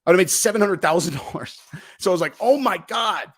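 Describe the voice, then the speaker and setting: A man's voice: high voice, fast talker. A man hosting his own channel, casually telling a story with lots of swearing and acted-out quoted dialogue. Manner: profane, animated, acts out quoted dialogue. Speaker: host.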